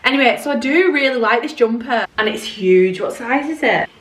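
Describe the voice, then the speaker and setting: A woman's voice: a little high, animated, moderate pace. A young woman, chatting casually to camera in her bedroom, rambling and self-deprecating. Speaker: vlogger. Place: bedroom at home.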